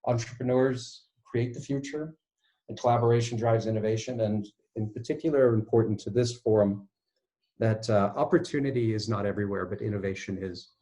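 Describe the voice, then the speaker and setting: A man with a fairly low voice gives a conference presentation from a video call. He talks in a relaxed, self-deprecating way and jokes easily as he goes. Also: a little fast. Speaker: guest speaker.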